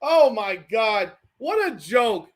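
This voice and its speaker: A man's voice: very high-pitched, very animated, takes it slowly. A man from South Florida hosting a live watch-party podcast, ranting profanely and heatedly over the game. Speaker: podcast host.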